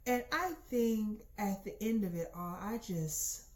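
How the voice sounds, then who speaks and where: A young adult woman telling a comic personal story to her listeners in a casual, slangy, animated way. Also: medium pitch, a little slow. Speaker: storytelling podcast host.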